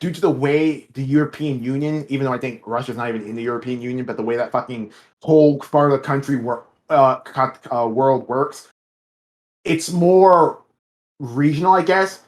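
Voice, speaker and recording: A man's voice: mid-range voice, normal speed. A man co-hosting a casual review podcast, rambling and correcting himself mid-sentence, swearing now and then. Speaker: podcast co-host.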